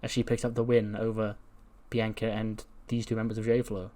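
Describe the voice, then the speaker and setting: A man's voice: on the low side, flat delivery, moderate pace, mellow. A man who creates gaming videos, narrating a let's-play in a chatty way and laughing often.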